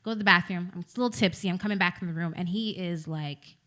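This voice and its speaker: A woman co-hosting a radio talk show, retelling a personal story in an animated, dramatic way. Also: fairly low pitch, fast talker. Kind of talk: casual storytelling chat.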